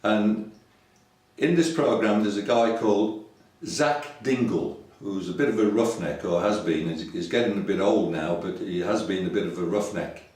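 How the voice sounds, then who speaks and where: An older man with a Yorkshire accent talks to camera in a loose, conversational sermon. He rambles and pauses often to fill gaps. His voice sits fairly low, and it comes across echoey and far from the mic, as in a bare room. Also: a little mellow. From Yorkshire, England. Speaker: website preacher.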